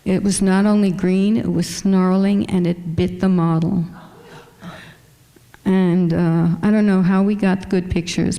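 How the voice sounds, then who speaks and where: A woman's voice: fairly low pitch, flat delivery, measured pace, mellow. A woman fashion photographer with a small voice, chatting casually with many fillers as she shows her photos in a museum lecture hall.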